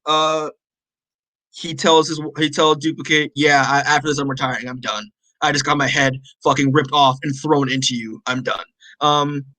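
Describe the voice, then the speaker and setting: A man co-hosting a podcast, casually recapping a comic issue with lots of fillers and quick acted-out character lines. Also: a little high, sharp tone, no room sound, low-quality recording. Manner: rambling, many fillers, acts out characters' lines. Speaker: podcast co-host.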